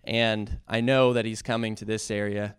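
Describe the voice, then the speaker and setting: Male speaker, earnest church testimony; smooth, resonant tone, halting delivery that rises into passionate preaching, dry recording. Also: fairly low pitch, little pitch movement, no echo. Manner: earnest, halting, with many fillers and restarts; builds to impassioned preaching. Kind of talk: heartfelt testimony sermon.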